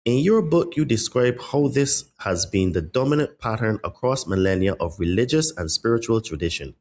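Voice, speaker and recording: A man hosting a podcast, asking questions in a measured, halting way. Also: medium pitch, animated, a little mellow. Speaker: podcast host. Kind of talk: podcast interview.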